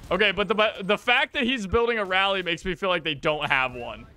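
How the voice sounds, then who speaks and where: A man commentating his own shooter gameplay, excitable and reactive, with game gunfire behind him. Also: high-pitched, fairly quick, clear, resonant tone. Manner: excitable, reactive, jokey, exclaims often. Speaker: gaming channel host. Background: gunfire and explosions from the game.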